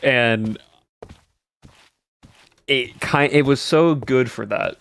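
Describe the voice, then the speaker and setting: A man's voice: medium pitch, drawn-out words, gravelly, a bit bright. A young man streaming, chatting casually with his viewers in a rambling way and answering their comments as he goes. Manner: rambling, answers chat between stories. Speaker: livestreamer.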